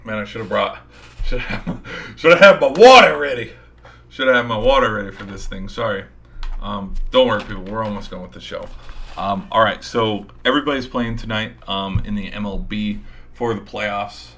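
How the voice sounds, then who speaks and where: This man hosting a sports show talks fairly quickly in a bright, forceful voice on the low side, keeping a steady tone. He is tired and his voice is giving out as he rambles through casual predictions, mixing hype with mild swearing.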